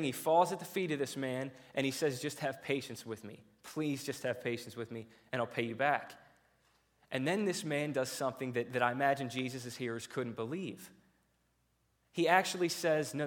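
A man preaching a sermon, retelling a parable in a lively, conversational storytelling way and often restarting his sentences. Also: a little high.

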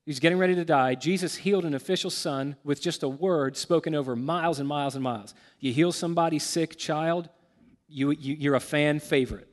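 A man preaching a sermon, talking with heartfelt emotion and frequent halting repetitions. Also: on the high side. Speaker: pastor. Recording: long hall reverb.

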